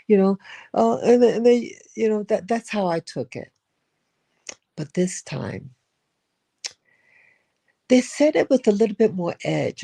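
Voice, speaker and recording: Slow, gravelly older storyteller. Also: medium pitch, animated, mellow. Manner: rambling, with frequent repeats and restarts. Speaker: spiritual vlogger. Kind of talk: reflective storytelling monologue.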